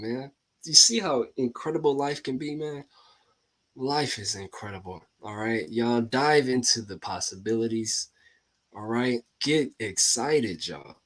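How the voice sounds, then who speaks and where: Excitable man hosting casual talk. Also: medium pitch. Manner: excitable, slangy, laughs often, keeps calling out to viewers. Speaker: host.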